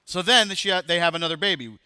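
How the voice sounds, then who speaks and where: A man's voice: on the high side, quick pace, bright, forceful tone, clear, resonant tone, no room sound, clean studio sound. A man in his thirties preaching a sermon as pastor, talking to the congregation in a loose, joking way. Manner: conversational, jokes with the congregation.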